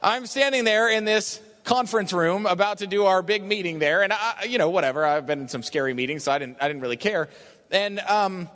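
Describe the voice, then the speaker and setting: A man telling an animated story to an audience at a business talk, chatty and often asking "right?". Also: sits high, a little fast. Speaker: business opportunity speaker. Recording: long reverb of a large hall.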